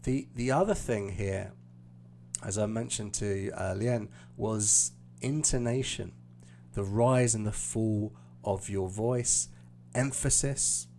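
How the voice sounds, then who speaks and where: Slow gravelly British teacher. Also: male voice, on the low side, darkish tone, slight background noise. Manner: explaining patiently, hesitant fillers. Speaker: IELTS teacher. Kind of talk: live stream lesson.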